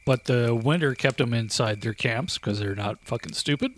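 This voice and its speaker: A man's voice: mid-range voice, moderate pace, slight background noise. A man co-hosting a podcast, telling history in a laid-back, profane way with lots of filler. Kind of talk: casual profane history chat.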